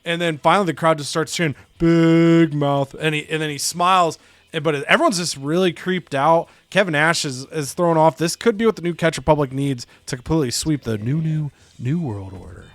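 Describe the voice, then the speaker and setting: Animated, profane male game commentator. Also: fairly high pitch, fairly quick, no room sound. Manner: animated and profane, acting out characters' quotes. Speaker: let's play host. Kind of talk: casual game recap commentary.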